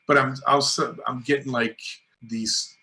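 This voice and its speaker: A middle-aged man, a filmmaker guest, telling lively anecdotes in a casual interview and acting out what people said, with many "like"s and "you know"s. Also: mid-range voice, a little slow.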